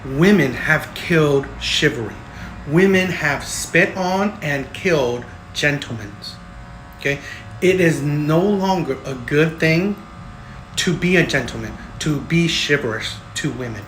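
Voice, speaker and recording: A man's voice: fairly high pitch, expressive, measured pace, a bit bright, roomy sound, a little hiss or hum, poor audio. A man hosting a commentary channel, giving emphatic, lecturing opinions and often tagging his points with "okay?" and "right?".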